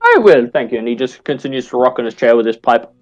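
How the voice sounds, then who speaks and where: A man running a tabletop role-playing game as game master, narrating in a halting way that repeats its words. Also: medium pitch, sing-song, muffled recording, faint music behind.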